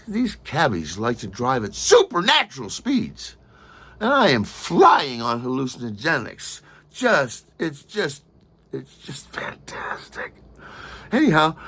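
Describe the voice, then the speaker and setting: Male storyteller, bright tone, very lively pitch, plays every part himself with big vocal jumps. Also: breathy edge. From Michigan. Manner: acts out other people's lines with big pitch jumps and shouts. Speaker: host telling a personal story. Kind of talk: animated storytelling monologue.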